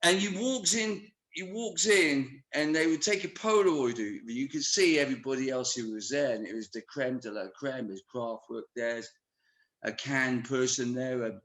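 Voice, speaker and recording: A man telling wild anecdotes in a casual conversation, animated and swearing freely. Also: mid-range voice, normal speed, roomy sound. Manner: animated storyteller who swears often. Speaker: musician guest.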